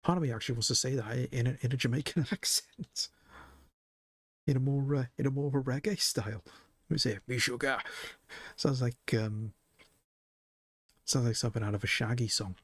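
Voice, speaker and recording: A man's voice: medium pitch, fairly quick, long pauses, no room sound, studio quality. A man streaming live, chatting casually with viewers, joking and laughing often.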